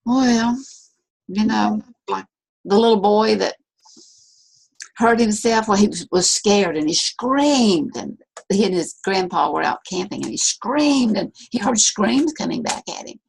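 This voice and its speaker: A woman leading a discussion, sharing a personal story in an earnest, searching and soft-spoken way, often repeating her phrases. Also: medium pitch, animated, unhurried, vocal fry, breathy edge. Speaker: discussion leader.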